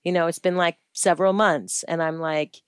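A woman's voice: on the low side, moderate pace, clear, resonant tone, dry recording, studio quality. A woman in her thirties, a guest chatting casually in an interview, full of "like" fillers and acting out the voices of others in her stories. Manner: chatty, many "like" fillers, acts out quotes in lively voices.

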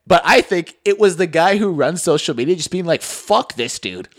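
A man's voice: sits high, brisk. A young man co-hosting a podcast, teasing and joking in casual banter. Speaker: podcast co-host.

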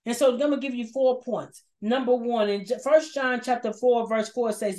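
A woman's voice: on the high side, normal speed, few pauses, a little mellow. A woman preaching an emotional, repetitive sermon and sharing her own testimony of struggle. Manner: passionate, repetitive, emphatic; shares personal testimony.

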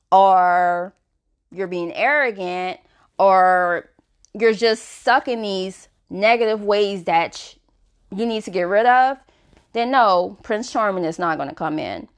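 A woman hosting a self-help podcast, talking frankly and casually with lots of "you know" fillers. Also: medium pitch. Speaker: podcast host.

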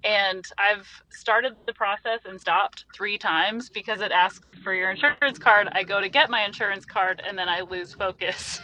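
A woman's voice: medium pitch, moderate pace, bright, forceful tone, rough recording. A young woman co-hosting a casual chat, chatty and self-deprecating, laughing often. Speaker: podcast co-host.

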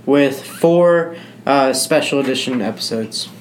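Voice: mid-range voice, a little slow. A podcast co-host introducing a news segment in an upbeat, teasing way. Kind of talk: casual chat. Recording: echoey room with faint hum.

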